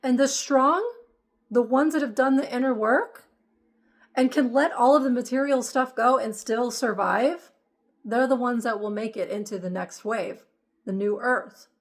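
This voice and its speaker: A woman's voice: on the high side, unhurried. A woman giving an emphatic, repetitive spiritual monologue as host of her channel.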